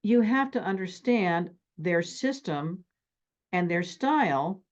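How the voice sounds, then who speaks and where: A middle-aged woman therapist teaching relationship skills and acting out stories from her life in an animated, extroverted way. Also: lowish voice, slow pace, highs cut off. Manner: animated, extroverted, acts out anecdotes.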